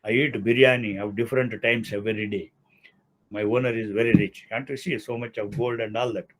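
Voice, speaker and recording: A man's voice: on the low side, fairly even intonation, brisk, a bit bright, slight background noise, lightly acted. A man with an Indian English accent voicing a rich, gold-decorated male dog in a joke, speaking in a boastful, matter-of-fact way.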